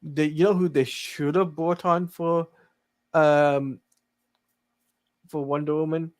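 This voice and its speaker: A man's voice: on the high side, steady tone, slow. A man co-hosting a podcast, talking in casual chat, tired and yawning late at night. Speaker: podcast co-host.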